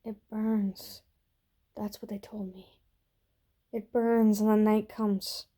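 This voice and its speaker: A woman reading the part of a frightened, tearful young woman who speaks in tiny, halting whispers. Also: medium pitch, level tone, dark tone, close to an everyday voice.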